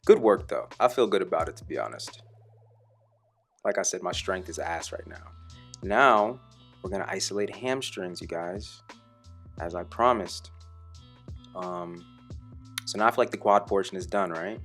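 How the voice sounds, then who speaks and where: A man's voice: low-pitched, normal speed, long pauses, soft background music. A young man talking casually and profanely over footage of his own workout, joking about himself in the third person. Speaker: fitness vlogger.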